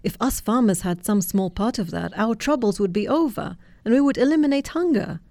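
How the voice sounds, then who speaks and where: A woman's voice: medium pitch, lively intonation, a little fast, mellow, dry recording, close to an everyday voice. A woman voicing a plain-spoken young male farmer in a storybook reading, musing aloud.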